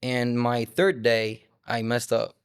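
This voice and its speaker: A man's voice: mid-range voice, little pitch movement, slow pace, clean tone, dry recording. A young man in his twenties, a musician from France whose first language is French, telling stories in a loose, rambling interview chat full of fillers. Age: 20s. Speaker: musician guest.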